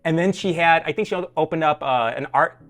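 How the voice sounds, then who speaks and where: Male host, enthusiastic, affirming, slightly high voice. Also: fairly quick, a bit bright. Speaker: podcast host. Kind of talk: casual interview.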